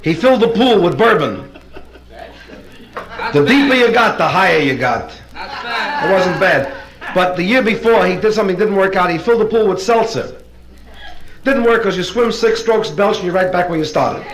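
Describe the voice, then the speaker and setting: A man doing live stand-up comedy at a private party, telling brisk, punchline-driven stories. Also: high-pitched, expressive, crowd noise, poor audio.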